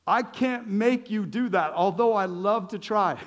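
A slightly high-voiced man preaches in a relaxed, conversational way. He is lively and joking as a pastor, with chuckles dropped between his points. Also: unhurried. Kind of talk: conversational sermon.

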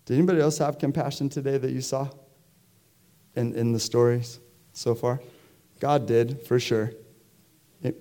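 A man's voice: mid-range voice, dark tone. A man preaching a sermon to his congregation in a conversational way, often putting questions to the listeners. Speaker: pastor. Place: church.

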